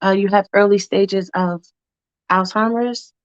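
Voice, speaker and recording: A woman voicing a grave male doctor who speaks low, softly and haltingly, apologizing. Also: steady tone, clear, resonant tone, no room sound, lo-fi sound, lightly acted. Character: hesitant male doctor, soft-spoken and grave.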